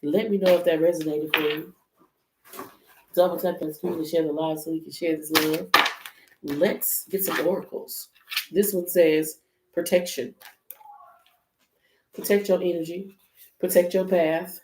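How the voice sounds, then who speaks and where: Speaking straight to her viewers, a woman runs a loose, chatty tarot live stream and cusses freely. Her low-sitting voice keeps fairly even intonation at a normal speed with frequent pauses; the room echoes and carries faint noise.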